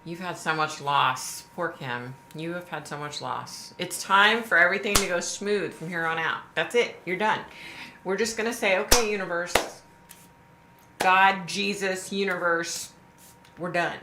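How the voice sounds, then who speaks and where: Brief: low-voiced, bright-toned woman, middle-aged, casual sympathetic livestream host, echoey room with faint hiss. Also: moderate pace. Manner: chatty, sympathetic, greets viewers by name.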